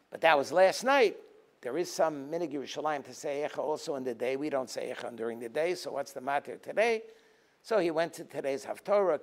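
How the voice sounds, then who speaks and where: A rabbi giving a teaching talk, telling stories and acting out their dialogue, sometimes rising to forceful emphasis and then dropping low. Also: male voice. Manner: storytelling, acting out dialogue in a lively voice. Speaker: rabbi and lecturer. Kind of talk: Tisha B'Av teaching talk.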